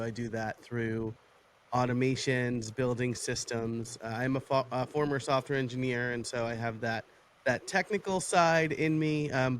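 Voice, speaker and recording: A man from New York speaks as a podcast guest. He talks in a measured, reflective way as he tells his story. His voice sits at an ordinary middle pitch. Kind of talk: casual interview talk.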